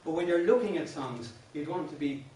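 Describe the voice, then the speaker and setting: A man with a fairly high, mellow voice and lively intonation talks a little fast. He's an Irish teacher leading a song workshop, patiently going over verse patterns with many restarts and sung snippets. Captured off-mic by a distant room mic in a very echoey classroom, with slight background noise.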